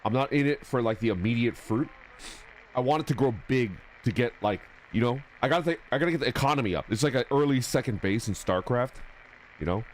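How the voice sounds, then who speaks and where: Casting: young male streamer, lively swooping delivery, casual and jokey, faint hiss. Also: medium pitch, fast. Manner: rambling, jokey, animated. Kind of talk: casual gaming commentary.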